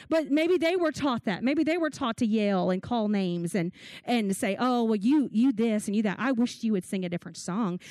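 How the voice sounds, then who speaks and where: A woman's voice: high voice, no echo. A middle-aged woman, preaching a sermon in an earnest storytelling way. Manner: earnest storytelling with church-talk and restarts.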